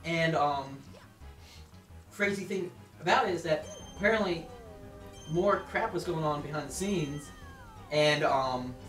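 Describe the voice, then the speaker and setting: A man's voice: a little high, unhurried, long pauses, distant mic. Rambling young man, echoey room, game music. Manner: rambling, filler-heavy, bursts into loud exclamations. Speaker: let's play host. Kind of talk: casual storytelling while gaming.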